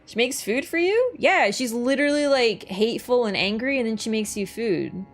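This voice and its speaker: A woman's voice: on the high side, animated, moderate pace, soft background music. A young woman streaming a video game, chatty and casual, swearing and laughing as she talks. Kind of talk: gaming stream commentary.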